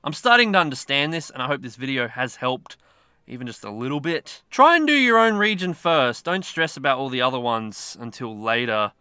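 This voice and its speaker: A man's voice: medium pitch, sing-song, fairly quick, sharp tone, clear, resonant tone, no echo, studio quality. A man giving casual, rambling gameplay commentary with self-mocking asides. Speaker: mobile game YouTuber.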